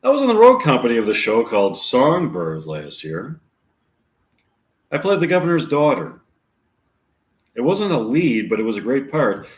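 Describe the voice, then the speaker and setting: A man's voice: medium pitch, wildly swooping pitch, normal speed, long pauses. A chatty young actress eagerly lists her stage credits, read by a man in his own voice. The room adds a noticeable echo, which sounds like a home read-through. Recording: roomy echo.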